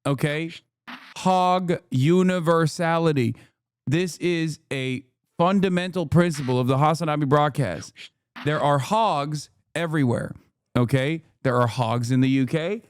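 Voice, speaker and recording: A man's voice: a little high, clear, resonant tone, no echo, clean studio sound. A man in his thirties streaming a reaction, ranting and mocking with a sarcastic edge. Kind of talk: live-stream reaction commentary.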